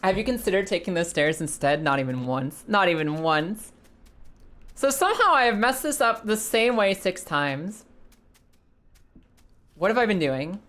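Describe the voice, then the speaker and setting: With a sing-song, somewhat bright mid-range voice at a moderate pace, a young woman streams a game. She talks casually to her live chat as she plays, with the odd swear word.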